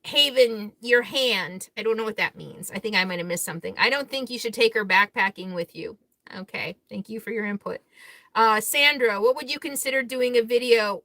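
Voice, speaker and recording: A woman's voice: mid-range voice, sharp tone, no echo. A woman hosting a casual live Q&A stream, reading viewer comments aloud and answering them in a candid, outspoken way with easy laughter. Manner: chatty, candid, laughs easily between remarks; blunt and outspoken.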